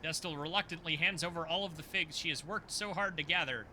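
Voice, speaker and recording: A man's voice: on the high side, fairly quick, few pauses, background noise. A man giving casual, jokey commentary while playing a video game and reading its text aloud. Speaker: gaming channel host. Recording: game music underneath.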